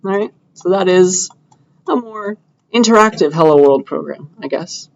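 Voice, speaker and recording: A young man teaching computer science in a lecture hall, chatty and easygoing as he explains each step out loud. His voice sits a little high for a man. The recording is dull and lo-fi. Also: lively intonation, moderate pace, vocal fry, slight background noise. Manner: casual, chatty, thinking aloud while clicking through code. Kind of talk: live classroom lecture with coding demo.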